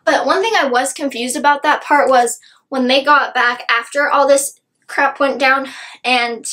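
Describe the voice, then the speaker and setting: A woman's voice: high-pitched, unhurried, pushed and bright. A young woman gushing about a book in a casual review chat, her sentences full of "like". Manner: gushing, filler-heavy with many "like"s.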